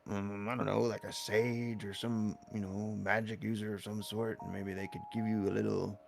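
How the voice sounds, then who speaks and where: A man's voice: lowish voice, level tone, moderate pace, vocal fry. A man voicing a retired old alligator pirate, hesitant and meandering, chuckling as he talks. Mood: advising. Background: soft background music.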